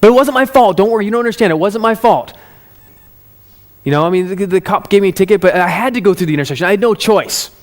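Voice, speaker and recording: A man voicing a defensive teenage boy who insists nothing was his fault, with rushed, protesting excuses. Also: on the high side, expressive, close to an everyday voice.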